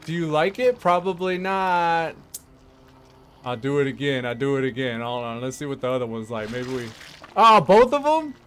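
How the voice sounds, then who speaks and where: A man's voice: medium pitch, steady tone, moderate pace, a little hiss or hum. A man giving casual, rambling commentary while playing a game, laughing often and talking to himself. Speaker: gameplay streamer.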